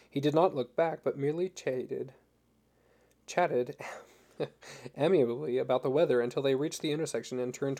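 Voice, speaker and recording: A man narrates a novel chapter in a steady, scripted audiobook read. His voice is mellow and soft-edged, at a middle pitch.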